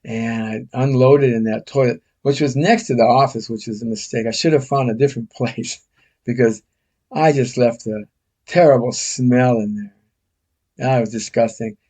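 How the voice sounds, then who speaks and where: A man's voice: medium pitch, steady tone, normal speed, warm tone. Older American man, casual storyteller, rambling and self-mocking.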